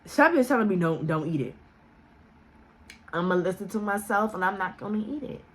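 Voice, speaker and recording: A woman telling a casual story as a vlogger, animated and profane, laughing often and acting out the voices she quotes. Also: brisk. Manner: acts out quoted voices with big pitch jumps.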